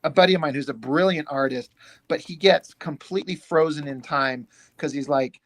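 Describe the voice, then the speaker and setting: A man's voice: on the high side, fairly quick. A man in his thirties, a comic book creator, chatting casually and animatedly, acting out what he says to himself and his friends. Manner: animated, acts out his own quoted thoughts.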